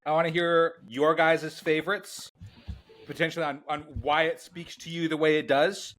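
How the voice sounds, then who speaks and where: A man co-hosting a podcast, chatting casually and steering the conversation in a relaxed way. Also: on the high side, moderate pace. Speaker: podcast co-host. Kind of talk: casual chat.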